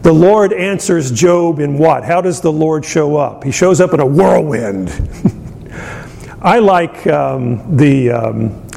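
A man preaching a conversational sermon, chuckling often and filling pauses with ums and uhs. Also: lively intonation, creaky, mellow. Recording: long hall reverb, faint rumble.

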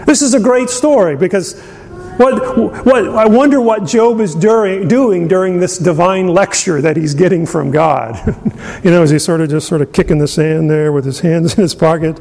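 A man preaching a conversational sermon, chuckling often and filling pauses with ums and uhs. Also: a little mellow. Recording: long hall reverb, faint rumble.

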